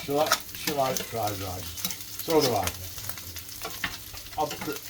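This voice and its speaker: A man's voice: medium pitch, lively intonation, slow, heavy background noise. An older man with a Manchester accent, chatting casually and swearing lightly while he cooks on a griddle. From England. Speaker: cooking vlogger. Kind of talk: casual chat while cooking.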